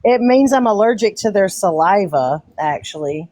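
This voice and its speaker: A woman from Texas hosts a casual live-stream chat from her home. She talks loosely and freely, swears easily and laughs often. Her voice sits at an ordinary pitch and sounds dry and close, with no room echo. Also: expressive, normal speed, mellow. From Texas, USA. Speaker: livestream host.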